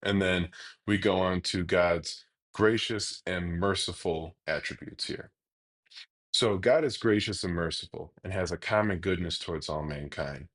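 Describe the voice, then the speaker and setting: A man teaching a Bible lesson in a relaxed, explanatory way, often pausing with hesitations as he talks. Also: deep voice. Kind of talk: casual teaching monologue.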